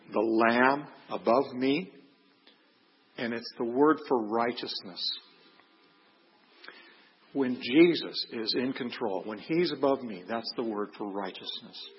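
A man's voice: mid-range voice, slightly rough. An older man earnestly telling a personal faith story in a plain-spoken way, acting out what people said. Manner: earnest, plain-spoken, acts out quoted lines. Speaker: speaker giving a testimony. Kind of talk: storytelling testimony. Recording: echoey hall, dull lo-fi sound.

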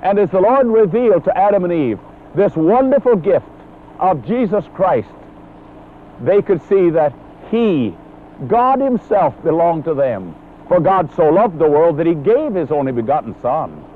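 A man delivers a sermon in an earnest, emphatic way, his voice pitched high and swinging widely in tone. The old recording sounds thin and phone-like, with a faint hiss underneath. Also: very animated, a little slow. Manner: earnest, emphatic, quotes scripture. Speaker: preacher.

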